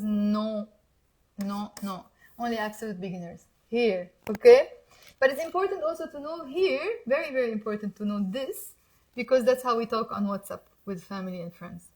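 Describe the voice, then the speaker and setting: A woman's voice: fairly high pitch, normal speed, a little mellow. A woman from Mount Lebanon with a Lebanese accent, teaching a casual Arabic lesson and coaxing learners to repeat words aloud.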